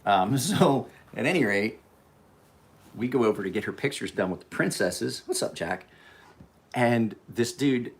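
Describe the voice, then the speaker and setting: A man's voice: medium pitch, lively intonation, a little slow. A man hosting a livestream, telling loose, profane anecdotes and chatting to viewers in the live chat by name. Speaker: livestream host. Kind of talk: casual storytelling to live chat.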